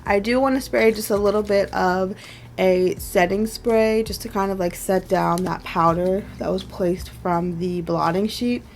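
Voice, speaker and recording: A woman in her twenties talks through her makeup at home in a loose, rambling way, full of fillers and small laughs. Her voice sits at an ordinary middle pitch. A faint hiss runs underneath. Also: steady tone, measured pace. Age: 20s. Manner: chatty and rambling, many "like"s and soft laughs. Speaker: beauty vlogger. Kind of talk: casual makeup wear-test chat.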